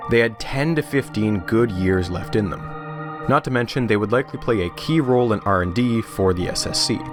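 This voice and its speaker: Male documentary narrator, lowish voice, measured and dry, over music. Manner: measured storytelling with dry humor. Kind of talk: scripted narration.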